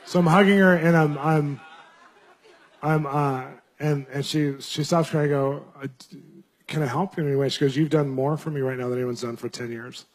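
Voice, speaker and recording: A man in his thirties telling a story in a sermon, animated and acting out the voices of people he quotes. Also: fairly high pitch, normal speed, some chatter behind. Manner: animated, acts out voices in quotes, laughs often.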